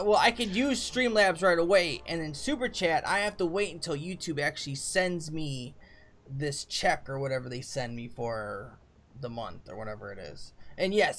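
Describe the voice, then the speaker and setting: A man's voice: a little high, a bit bright. A man streaming live, chatting loosely and rambling with fillers as he talks to his viewers. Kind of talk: casual live-stream chat.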